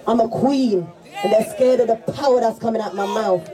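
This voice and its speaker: A woman giving a rousing rally speech, shouting and leading call-and-response chants. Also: on the high side, normal speed, poor audio. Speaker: rally speaker. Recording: crowd noise behind the speaker. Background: crowd.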